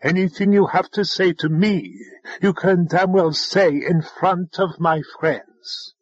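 A man reading an audiobook voices a spoiled, imperious young woman who yells indignant complaints. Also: high voice, slow pace, no echo, muffled recording, voice pushed up. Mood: defiant.

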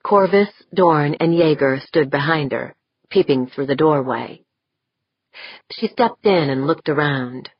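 A woman narrating an audiobook with a low, husky voice. She reads steadily and measured, recorded dry with a slightly dull sound. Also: dry recording.

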